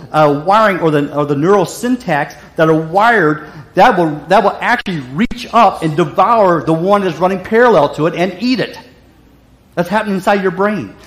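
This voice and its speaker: A man's voice: high-pitched, roomy sound. A man preaching a sermon as pastor, emphatic and repetitive with frequent restarts.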